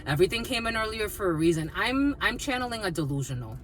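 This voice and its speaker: A woman giving a casual collective tarot reading, mixing personal stories with blunt, animated talk and plenty of swearing. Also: mid-range voice, fast, a little hiss or hum. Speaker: tarot reader.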